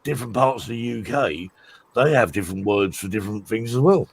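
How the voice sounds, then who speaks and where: A man's voice: on the low side, fairly quick, vocal fry, a little hiss or hum. A man from the United Kingdom chatting casually on a live stream, rambling through anecdotes with many restarts. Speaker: co-host of a live drone show.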